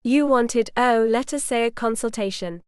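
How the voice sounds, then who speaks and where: A man's voice: very high-pitched, moderate pace, clear, resonant tone, dry recording, studio quality. A woman voicing a playful young male doctor who puts on a hammy Southern drawl. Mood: scheming. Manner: hams up a fake Southern drawl.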